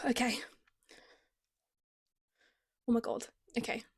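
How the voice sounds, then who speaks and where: A young British woman reads slowly from the novel she wrote as a teenager, cutting in with wry, self-mocking remarks. There's no echo on her voice.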